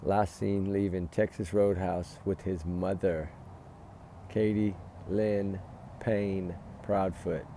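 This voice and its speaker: A man vents in heated, emphatic commentary, his low voice rough with gravel. The tone is dark and dull. He talks outdoors at night beside a fire pit. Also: little pitch movement, slow, slight background noise. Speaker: true-crime vlogger. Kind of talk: casual commentary.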